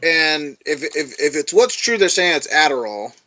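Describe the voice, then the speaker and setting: A man co-hosting a podcast in casual chat, blunt, sarcastic and quick to swear. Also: on the high side, expressive, bright, forceful tone. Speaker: podcast co-host.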